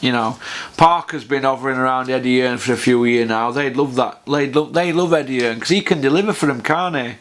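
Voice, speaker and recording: A man's voice: mid-range voice, a little fast. A man, ranting bluntly to camera about boxing and swearing freely on a casual vlog. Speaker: boxing vlogger.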